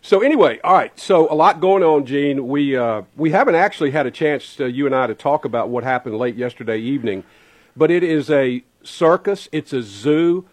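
A man's voice: on the high side, lively intonation, moderate pace. A man co-hosting a morning radio talk show, chatty and joking, laughing easily. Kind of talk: casual morning radio chat.

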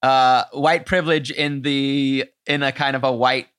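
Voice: mid-range voice, fairly even intonation, unhurried, a bit bright, smooth. A podcast host chatting casually, enthusiastic and loose, with frequent fillers and swearing.

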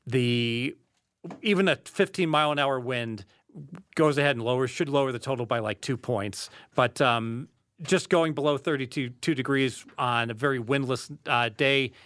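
Betting guy rambling, lots of restarts, mid pitch, super dry close sound. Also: normal speed, fairly bright tone, no echo. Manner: hesitant, rambling, with many fillers and restarts. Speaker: sports betting analyst. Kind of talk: casual debate.

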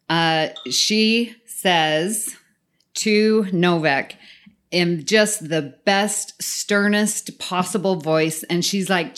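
A woman's voice: low voice, a bit bright, smooth. A woman co-hosting a podcast in casual chat, talking with enthusiasm and frequent laughter. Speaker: podcast co-host.

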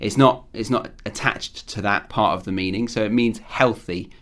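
A man's voice: on the low side, normal speed, a bit bright. Man teaching English vocabulary. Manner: friendly, clear, teacherly, explains with examples. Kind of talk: explanatory vocabulary lesson.

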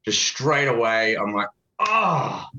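A man's voice: on the low side, normal speed, a bit bright, roomy sound, poor audio. A man with an Australian accent, a guest in a casual interview, talking in a joking, laid-back way and swearing casually. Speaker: guest, ad consultant.

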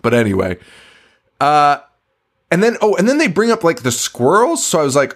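A male podcast co-host with an average-pitched voice, recapping a film in casual chat. He rambles, swears freely and trips over his words. He breaks into laughter often. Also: very animated, normal speed.

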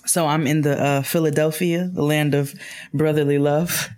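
Low-voiced woman co-hosting a chat podcast. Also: normal speed. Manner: animated storytelling with laughs. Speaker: podcast co-host. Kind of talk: casual chat.

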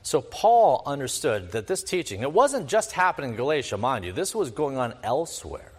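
Male pastor, emphatic teaching preacher with a swinging, animated delivery, heard through a big hall's long echo. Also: medium pitch, moderate pace, husky. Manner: emphatic and repetitive, rhetorical questions. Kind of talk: expository sermon. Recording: long reverb of a large hall.

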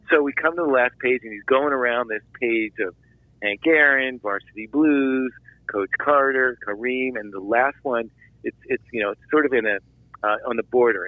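A man from Philadelphia, a filmmaker guest, telling a long anecdote in an animated interview, with restarts and asides. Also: mid-range voice, no room sound, narrow, tinny audio. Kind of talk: storytelling interview.

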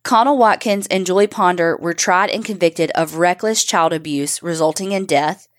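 Low-voiced woman telling a true crime case. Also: normal speed. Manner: blunt, swears while telling the case. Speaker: podcast co-host.

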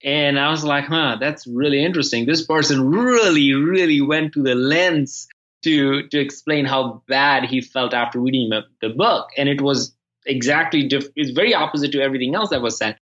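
A man talking through his experiences as an author in a casual conversation, stopping and repeating words as he goes and growing animated in his stories. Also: mid-range voice, muffled recording. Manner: halting, repeats words when restarting, animated when telling stories. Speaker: podcast guest and author.

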